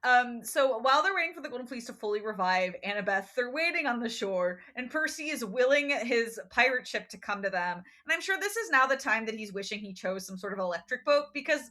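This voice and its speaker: A woman co-hosting a podcast, recapping a book in casual chat and acting out quick quotes from the characters. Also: on the high side. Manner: animated storytelling with quick voiced quotes and laughs. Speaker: podcast co-host.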